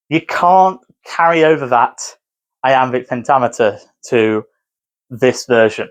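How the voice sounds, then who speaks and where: A man's voice: medium pitch, lively intonation, slow pace. A man who teaches, talking casually to camera, rambling and correcting himself as he explains. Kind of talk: casual video commentary.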